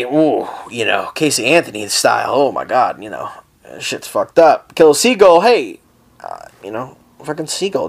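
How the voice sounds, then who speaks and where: A young man hosting a casual solo podcast, rambling through stories with heavy swearing and frequent laughter. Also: a little high. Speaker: podcast host.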